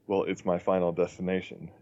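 Man, very low voice, chatty storyteller who chuckles often; dull lo-fi recording. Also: completely flat delivery, normal speed, warm tone. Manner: chuckles through his stories. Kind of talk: casual chat. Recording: dull lo-fi sound.

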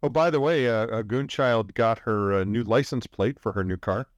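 A man with a mid-range voice chats on a podcast, pausing with fillers and adding light jokes. The recording is dry and close. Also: medium pitch, no room sound, muffled recording. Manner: hesitant, many fillers, jokey. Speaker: podcast co-host. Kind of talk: casual chat.

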